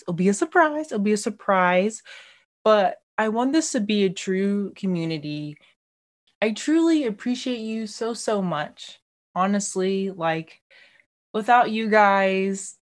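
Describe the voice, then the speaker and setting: A woman hosting her own podcast in a bubbly, chatty way, speaking from a home laundry room. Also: mid-range voice. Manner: bubbly, chatty, often says "like" and "y'all", laughs easily. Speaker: podcast host. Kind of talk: casual solo podcast chat.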